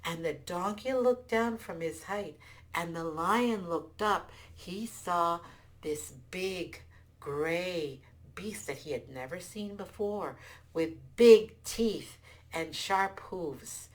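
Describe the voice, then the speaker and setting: A woman telling a folktale aloud, expressive with small restarts. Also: fairly low pitch, slow. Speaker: storyteller. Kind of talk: folktale storytelling.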